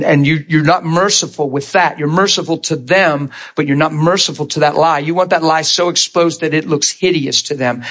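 A man preaching in a storytelling style, animated and often laughing as he acts out conversations. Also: a little high. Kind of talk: storytelling sermon.

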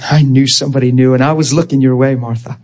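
A man preaching a sermon to his congregation, impassioned and animated, rising to shouts and stumbling over repeated words. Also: a little fast. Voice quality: high-pitched, animated, stammering repeats. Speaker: pastor.

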